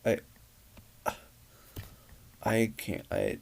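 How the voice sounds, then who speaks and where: A man's voice: drawn-out words, darkish tone. A man reacting with outrage, stammering and swearing as he reads out screenshots. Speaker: commentary YouTuber.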